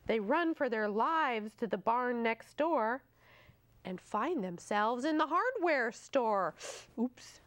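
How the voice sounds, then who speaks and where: A woman librarian hosting storytime, reading a picture book aloud to children in a slow, sing-song way. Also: on the high side, expressive, fairly bright tone.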